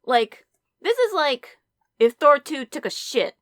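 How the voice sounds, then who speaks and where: A woman's voice: sits high, very animated, takes it slowly, a bit bright, no room sound, studio quality. A woman co-hosting a podcast in casual chat, sarcastic and swearing freely. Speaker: podcast co-host.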